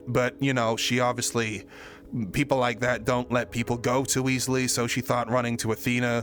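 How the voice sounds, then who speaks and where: A man in a casual chat who swears a lot and rambles with many restarts. His voice jumps higher when he gets exasperated. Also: fairly bright tone. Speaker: roleplay streamer recapping his character's story.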